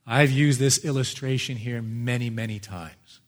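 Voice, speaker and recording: A male pastor delivering a sermon to a live congregation, emphatic, swinging between loud stresses and hushed asides. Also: medium pitch, normal speed.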